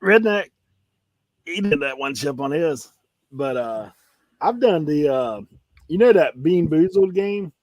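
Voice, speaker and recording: A man's voice: fairly high pitch, expressive, unhurried, long pauses, darkish tone, dry recording. A man telling rambling stories in a casual chat, laughing often. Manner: laid-back rambling storyteller, laughs often. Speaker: co-host reseller.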